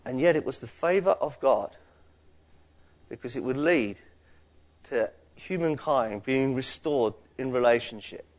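A man's voice: mid-range voice, lively intonation, a little slow, pauses often. A man, a pastor preaching a conversational sermon that rises in emphasis on key points.

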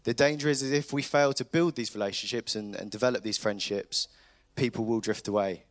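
A man's voice: mid-range voice, steady tone, a little fast, no room sound. A young man speaking earnestly and a little hesitantly at a church service. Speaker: youth group member giving testimony.

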